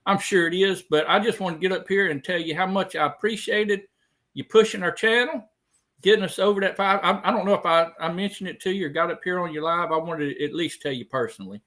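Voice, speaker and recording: A friendly man joins a live stream as a guest and talks in a halting way, restarting his sentences often. His voice sits a little high and sounds bright. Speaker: guest caller. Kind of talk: casual chat.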